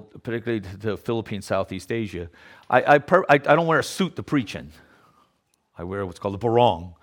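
A man's voice: mid-range voice, a bit bright. A man preaching in a conversational style, who often repeats words and checks in with his listeners. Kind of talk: conversational sermon.

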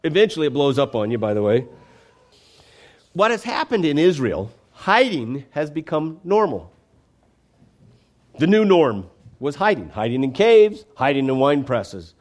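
A man's voice: a little high, very animated, a little slow, pauses often. A man preaching a conversational, emphatic sermon, often checking in with the congregation.

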